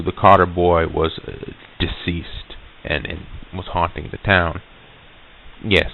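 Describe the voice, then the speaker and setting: Man, low voice, halting casual recollection, tinny old tape recording. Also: slight background noise. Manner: halting, many restarts and fillers. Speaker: interviewee recounting an encounter.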